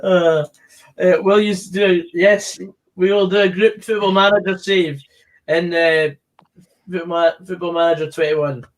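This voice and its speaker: A man's voice: high-pitched, steady tone, a little slow. A man hosting a live football stream, answering viewer questions in casual chat. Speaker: stream host.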